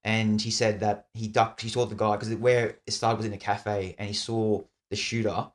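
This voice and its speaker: A man's voice: fairly low pitch, little pitch movement, normal speed. A man co-hosting a podcast, chatting casually about a book and rambling through restarts. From Australia. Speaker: podcast co-host.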